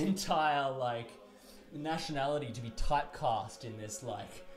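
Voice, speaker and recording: A man talking casually in a vlog, explaining things in a loose, chatty way, with his loudness rising and falling. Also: mid-range voice, echoey room. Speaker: vlogger, English teacher in Russia.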